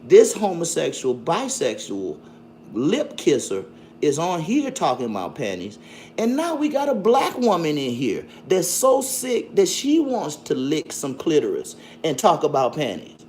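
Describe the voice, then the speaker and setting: A man's voice: a little high, wildly swooping pitch, a little slow, slight background noise. Profane man ranting on stream. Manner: loud, profane, mocking, with frequent laughs. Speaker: livestream host. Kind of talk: combative livestream commentary.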